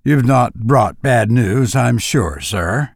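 A male reader playing a gentle elderly father, subdued and hushed, reading slowly in a dry, close sound. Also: medium pitch, animated, vocal fry, no echo, full character voice. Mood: soothing.

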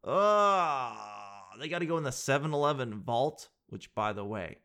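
A man in his twenties with a mid-range voice does a stand-up comedy set. He talks in an animated, slangy way and keeps slipping into quick impressions of other people.

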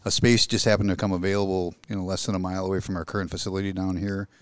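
A man's voice: sits low, little pitch movement, very fast, smooth. A middle-aged man, a guest chatting easily in an interview, plain-spoken with a dry humor. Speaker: industry guest, engine company manager. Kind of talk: casual interview chat.

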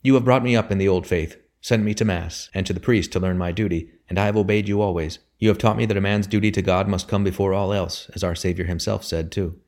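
Guy doing an earnest young son, formal and respectful, keeps saying sir, steady and humble. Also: low voice, quick pace, few pauses.

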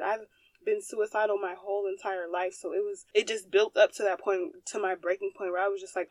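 A woman's voice: mid-range voice, fairly quick, dry recording. Candid young woman telling her testimony. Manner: candid and emphatic, addresses listeners as y'all. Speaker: podcast host. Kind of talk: personal testimony.

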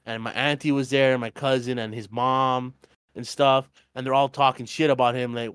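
A young man telling a casual, profanity-filled story on a podcast, quoting people in animated voices. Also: medium pitch, normal speed, smooth, dry recording. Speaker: podcast co-host. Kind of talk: casual chat.

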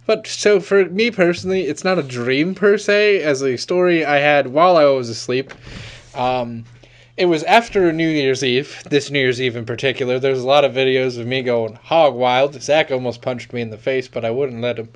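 A man's voice: mid-range voice, moderate pace. A man co-hosting a casual podcast, telling stories in a laid-back, joking way. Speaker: podcast co-host. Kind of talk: casual chat.

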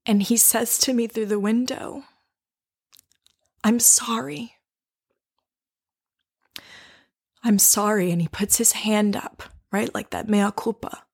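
A woman coach shares a personal story and leads listeners into reflection, her husky, medium-pitched voice soft, slow and steady, often sinking to a whisper.

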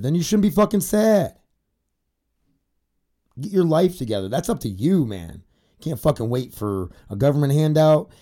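A young podcaster with a mellow, mid-range voice speaks candidly in a confessional vlog, facing a camera on an indoor studio set. He rambles, swears, fills his speech with fillers, and is tearful at moments.

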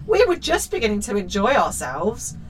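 A woman's voice: medium pitch, huge pitch swings, moderate pace, slight background noise, poor audio. A woman co-hosting a podcast, reading a children's book aloud and commenting on it in a sarcastic, sweary, mock-outraged way. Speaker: podcast co-host.

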